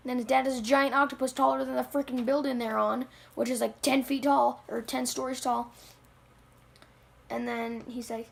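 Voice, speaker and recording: A woman rambles through the story of a comic she drew, full of fillers and self-deprecating asides. Her voice is high, with a gravelly, fry-laden texture. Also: level tone, moderate pace. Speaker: channel owner. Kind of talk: rambling home-video storytelling.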